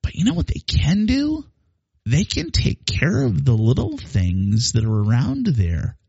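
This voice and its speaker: A man hosting a podcast, talking in a chatty, animated storytelling way with frequent restarts. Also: mid-range voice, a little slow, vocal fry, slightly rough, no room sound. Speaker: podcast host. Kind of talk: casual spoken monologue. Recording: dull lo-fi dry sound.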